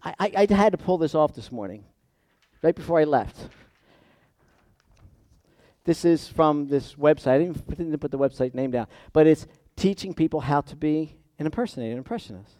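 Man preaching, loud peaks and quiet asides. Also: a little high, lively intonation, normal speed, dry recording, clean studio sound. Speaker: pastor. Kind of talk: sermon.

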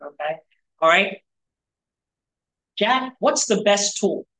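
A man's voice: sits high, animated, takes it slowly, bright, forceful tone, poor audio. Man preaching a chatty, conversational sermon. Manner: rhetorical questions, frequent "right?" and "you know". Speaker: pastor. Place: church gathering.

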